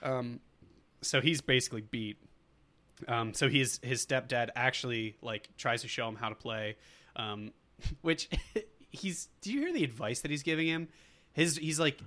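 A man's voice: medium pitch, expressive, unhurried, bright, forceful tone. A man co-hosting a podcast, recapping a movie in a rambling, casual way with lots of fillers. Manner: rambling, full of fillers and quoted lines. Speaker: podcast co-host.

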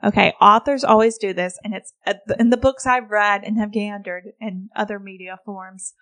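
A woman's voice: medium pitch, fairly even intonation, moderate pace, fairly bright tone. Chatty woman discussing a book. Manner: chatty, acts out characters' lines. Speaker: podcast co-host.

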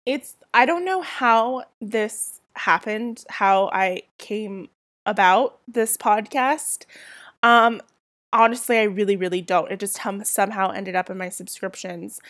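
A woman's voice: medium pitch, measured pace, a bit bright, no room sound, clean studio sound. Chatty young woman with a Southern California accent. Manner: rambling, chatty, many "like" and "um" fillers. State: getting over a cold. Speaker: podcast host. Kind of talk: casual solo podcast chat.

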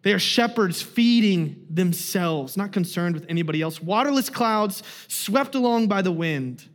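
A man's voice: high-pitched, expressive, moderate pace. A young adult man giving a sermon as a guest preacher, telling a family story in a casual way with many fillers.

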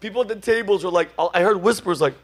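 A man's voice: high voice, quick pace. A man hosting a comedy podcast, telling stories animatedly, swearing, acting out quoted voices and laughing often.

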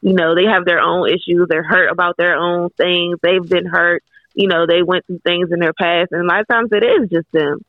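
A woman's voice: lowish voice, steady tone, normal speed, no echo. A woman speaking as a guest author in a casual podcast chat, frank and candid, swearing casually as she talks. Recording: tinny phone-like line, dry.

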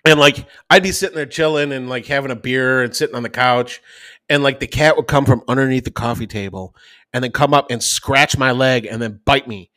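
A man co-hosting a podcast, telling a profane, animated anecdote in casual chat. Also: mid-range voice, no echo. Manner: animated, profane, fast-rambling anecdote with acted-out quotes. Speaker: podcast co-host.

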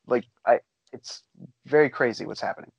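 A man's voice: medium pitch, moderate pace, creaky, slightly rough, no echo, highs cut off. A man co-hosting a podcast, chatting casually and rambling with lots of fillers. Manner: rambling, enthusiastic, many fillers. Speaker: podcast co-host. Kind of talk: casual chat.

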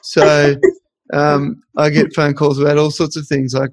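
A man's voice: fairly high pitch, completely flat delivery, measured pace, dry recording. A man hosting a podcast, chatting casually and telling stories in a reflective way. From Australia. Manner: reflective, storytelling. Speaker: podcast host.

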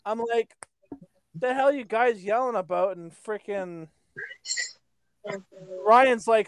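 A man's voice: high voice, slow, pauses often, smooth, dry recording. A man co-hosting a podcast in casual chat, telling a rambling story, swearing and laughing often. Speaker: podcast co-host.

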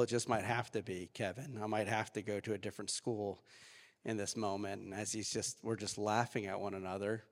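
A young man preaching a sermon as pastor, telling a personal story in a lively, animated way. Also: medium pitch. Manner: storytelling, animated, acts out quoted voices. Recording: reverberant church hall.

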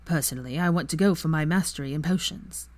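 A woman voicing a quiet, guarded young wizard in a fan story reading, speaking softly and low. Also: fast talker, no echo, lightly acted. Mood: subdued. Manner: soft, low and subdued.

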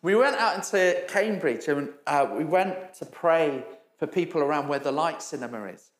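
A man's voice: fairly high pitch, animated, normal speed, echoey room. A middle-aged man preaching a storytelling sermon, chatty and self-mocking and often laughing. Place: church hall.

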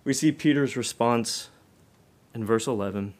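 A man preaching a sermon, asking the listeners direct questions, his delivery swelling loud and then dropping low and soft. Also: unhurried.

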